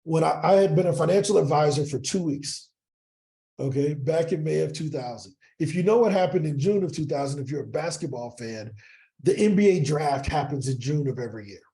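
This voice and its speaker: A man from East St. Louis, a podcast guest telling animated stories and often checking in with "right?". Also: on the high side, brisk, creaky. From East St. Louis, Illinois. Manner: animated storyteller, keeps asking "right?". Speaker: podcast guest, sales coach. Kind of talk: casual interview storytelling.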